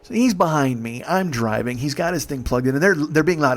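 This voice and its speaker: A man's voice: fairly high pitch, animated, a little fast, few pauses. A man in his forties, a comedian, telling a rambling, profane, exasperated comic story. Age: 40s. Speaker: comedian host.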